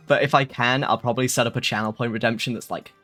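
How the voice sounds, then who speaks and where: A man's voice: medium pitch, bright, forceful tone. A young man chatting casually on a live stream, rambling and swearing with lots of fillers.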